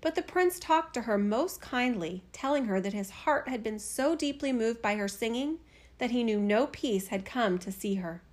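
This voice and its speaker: A woman with a somewhat high voice reads a fairy tale aloud, measured and expressive. She carries the story steadily from scene to scene.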